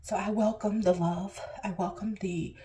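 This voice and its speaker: A woman's voice: fairly even intonation, normal speed, dark tone. A woman vlogger telling a personal story to camera, emotional and at times tearful, acting out what people said with big swings in her voice. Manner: emotional, acts out quotes with big pitch jumps.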